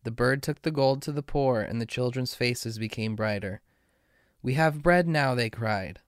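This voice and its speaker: A man reading a fairy tale aloud in a slow, measured way. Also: mid-range voice, fairly even intonation, no echo, studio quality. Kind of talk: storybook reading.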